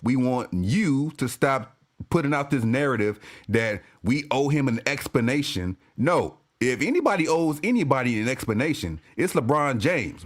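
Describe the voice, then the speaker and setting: A man giving a casual, profane sports-fan rant to camera, laughing and repeating himself as he goes. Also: mid-range voice.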